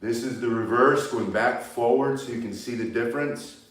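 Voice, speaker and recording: In an echoey room, a martial arts instructor with a medium-pitched voice and moderate pace gives a staff-spinning demonstration tutorial. He coaches step by step while moving, growing breathless as he works the staff.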